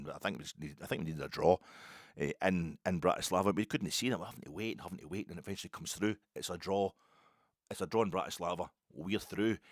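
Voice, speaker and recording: A man hosting a solo football podcast, rambling and excitable with lots of restarts and asides. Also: sits low, no room sound, studio quality. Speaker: podcast host.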